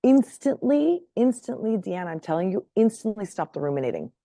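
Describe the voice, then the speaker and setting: A woman with a low, warm and mellow voice tells a personal story as a podcast guest. She is animated, laughs often and keeps checking in with her listener. The recording is dry and close, with no room sound. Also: quick pace, dry recording. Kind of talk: casual storytelling in conversation.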